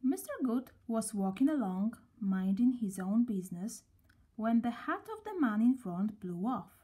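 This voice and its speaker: A woman reading a children's story aloud, gently and at a slow, storybook pace. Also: fairly high pitch, lively intonation, slightly rough.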